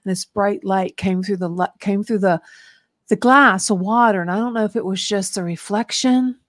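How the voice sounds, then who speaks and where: A woman's voice: mid-range voice, normal speed, no room sound, clean studio sound. Earnest rambling woman radio host. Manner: earnest, rambling storytelling with many restarts. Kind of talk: casual radio interview, personal testimony.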